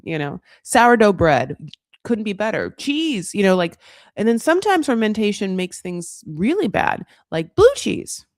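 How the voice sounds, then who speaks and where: Woman recap host, low and swooping voice, gossipy, sarcastic, acts out quotes with laughs. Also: no room sound, studio quality. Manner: chatty and gossipy, sarcastic, calls the viewer honey. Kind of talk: comedic reality TV recap.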